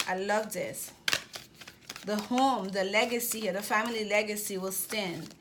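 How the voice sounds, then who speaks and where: A woman giving a general tarot reading, talking fast and often restarting and repeating words as she goes. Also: mid-range voice, fairly even intonation, background noise. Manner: rapid, repetitive with many restarts. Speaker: tarot reader.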